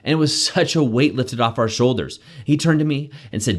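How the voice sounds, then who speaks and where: A man hosting a daily self-help show, giving an energetic, conversational motivational talk with frequent "right?" asides. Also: medium pitch, a little fast, hardly any pauses. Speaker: coach and show host.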